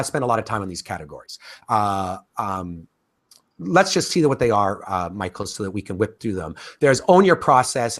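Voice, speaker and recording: Male course instructor, mid-pitched and very lively in intonation, casual talky delivery. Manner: animated, talkative, frequent fillers and restarts. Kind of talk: casual spoken lecture.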